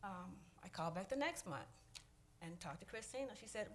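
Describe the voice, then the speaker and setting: A woman with a mid-pitched voice speaks haltingly, full of fillers and near tears. She addresses a council at public comment, with faint noise behind her. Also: expressive. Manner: halting, many fillers, emotional.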